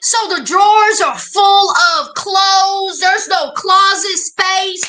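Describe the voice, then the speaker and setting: A woman hosting a reality TV recap in casual, sassy commentary, with emphatic, drawn-out exclamations and chatty asides to the listener. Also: extremely high pitch, pushed and bright, slight background noise.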